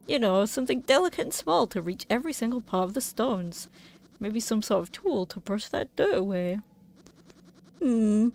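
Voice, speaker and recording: Woman reading as a hushed, curious male game character. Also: medium pitch, natural voice. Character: curious excitable male game character fussing over dirty stones. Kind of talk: reading game dialogue aloud.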